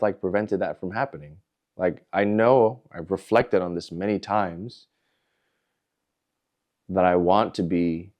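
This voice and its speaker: A man hosting a podcast, telling a personal story in a candid, introspective way, in short halting phrases. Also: low voice, darkish tone. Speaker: podcast host.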